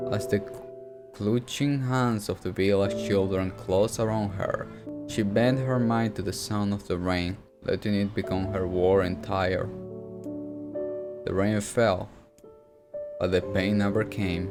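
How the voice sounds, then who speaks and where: Brief: male storyteller, low voice, steady reading, music bed clearly behind. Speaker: narrator. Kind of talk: reading a novel aloud.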